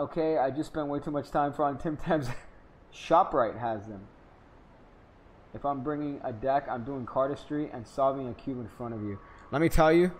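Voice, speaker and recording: A young man from Florida giving casual gameplay commentary, rambling and joking, with sudden loud hyped outbursts. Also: medium pitch. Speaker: gaming streamer.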